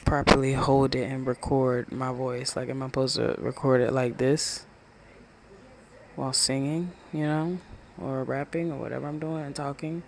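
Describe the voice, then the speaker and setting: A podcast host talking low and rambling at home at night, winding down, swearing freely into a small handheld microphone. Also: little pitch movement, normal speed, creaky, noisy background. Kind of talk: casual late-night solo podcast. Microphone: small handheld USB microphone.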